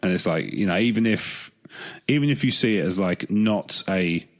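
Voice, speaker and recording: Male podcast co-host, deep voice, hesitant rambling chat. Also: animated, normal speed. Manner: rambling, hesitant, restarts often.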